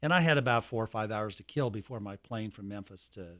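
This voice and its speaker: A man's voice: fairly low pitch, a little fast, fairly bright tone. A man in his seventies from Colorado, a guest in a casual interview, telling anecdotes at a leisurely pace with restarts.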